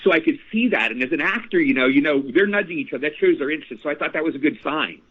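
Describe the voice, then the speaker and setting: A man in his sixties, an actor guest telling stories in a casual interview, animated and repeating phrases. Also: fairly high pitch, rapid-fire. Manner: animated, repeats phrases, addresses host by name. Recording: tinny phone line.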